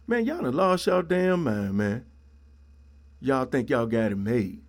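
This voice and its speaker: A man's voice: medium pitch, expressive, a little slow. A middle-aged man hosting a solo podcast, ranting in a blunt, preachy way and leaning on "man" and "yo". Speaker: podcast host.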